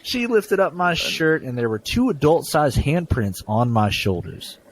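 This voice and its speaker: Male podcast host, chatty, stammers, reads stories aloud; animated delivery. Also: fairly high pitch, unhurried, a little hiss or hum. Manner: stammering, repeats words. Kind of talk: casual chat and story reading.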